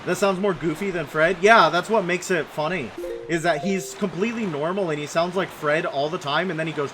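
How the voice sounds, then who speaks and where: A man's voice: on the high side, a little fast, over music. A man casually commenting on a game as a streamer, playful and prone to sing-song bits. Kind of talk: casual let's-play commentary.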